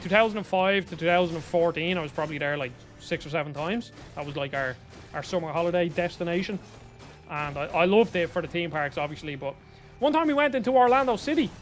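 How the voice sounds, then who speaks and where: A young Irish man chatting casually on a live stream, rambling as he answers viewers by name. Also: high voice. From Ireland. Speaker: streamer reading chat.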